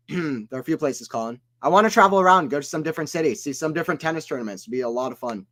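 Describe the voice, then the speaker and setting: Man with an American accent, casual play-by-play tennis commentary, chatty and off topic, a bit high-pitched. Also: animated, quick pace, fairly bright tone. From American South. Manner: chatty, reads chat aloud and drifts off topic. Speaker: stream commentator.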